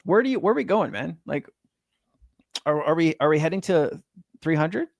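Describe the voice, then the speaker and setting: A man's voice: fairly high pitch, animated, moderate pace, vocal fry, no echo, clean studio sound. A man hosting a casual crypto livestream, rambling and chatty with lots of fillers and restarts.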